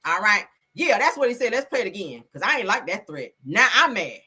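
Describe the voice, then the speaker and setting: Woman streamer, sassy profane commentary host, lively and bright. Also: medium pitch, fairly quick, a little hiss or hum. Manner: sassy, emphatic, profane, addresses viewers. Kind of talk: casual commentary livestream.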